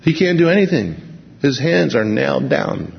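Guy preaching, reads verses slow then chats about them, raspy fry, dull lo-fi sound w long reverb. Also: mid-range voice, animated. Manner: reads scripture slowly, then explains conversationally. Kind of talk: sermon.

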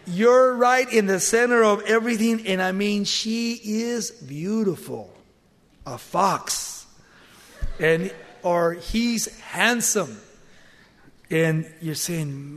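A man's voice: vocal fry, in a large hall. A man preaching a sermon, dramatically acting out the lines he quotes, with sudden jumps in volume. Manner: dramatic, acts out quoted lines with big swings in pitch and volume.

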